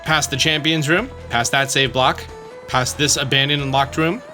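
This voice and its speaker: A man's voice: medium pitch, fairly even intonation, moderate pace, sharp tone, faint music behind. A man hosting a game walkthrough, narrating his moves with jokey asides. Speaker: let's play host.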